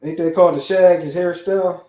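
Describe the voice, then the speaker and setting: A man's voice: high voice, fairly even intonation, brisk, dark tone. A man in casual live boxing commentary, explaining things plainly and laid-back.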